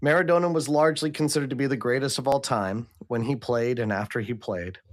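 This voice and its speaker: A man's voice: mid-range voice, brisk. A man co-hosting a debate show, challenging his partner's arguments. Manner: skeptical challenger, pushes back. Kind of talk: debate banter.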